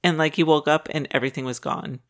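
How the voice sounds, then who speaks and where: A woman co-hosting a podcast in casual chat, laughing often and agreeing quickly. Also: low-pitched, steady tone, a bit bright. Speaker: podcast co-host.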